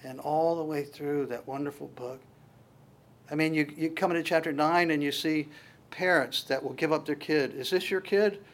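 A man preaching a sermon, animated and repetitive, stumbling through restarts and acting out voices from the text before closing in prayer. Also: fairly high pitch, normal speed. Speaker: pastor.

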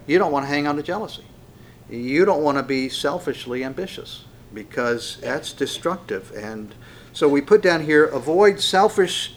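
A man's voice: mid-range voice, slight background noise. Folksy male pastor preaching. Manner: relaxed and folksy, with frequent fillers and restarts; slows down and lifts his voice when reading verses. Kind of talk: conversational sermon with scripture reading.

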